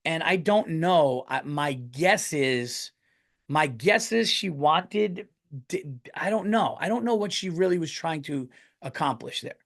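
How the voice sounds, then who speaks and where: A man's voice: on the high side, animated, a little slow, gravelly. A middle-aged American man hosting his podcast, telling a rambling story in casual talk, swearing often and restarting his sentences. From United States. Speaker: podcast host and comedian.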